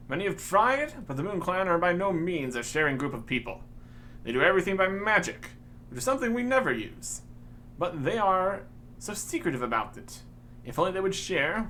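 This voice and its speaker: A man voicing a proud male chieftain of a northern tribe, speaking gravely in game dialogue. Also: high-pitched, sing-song, moderate pace, pushed and bright, a little hiss or hum, exaggerated voice.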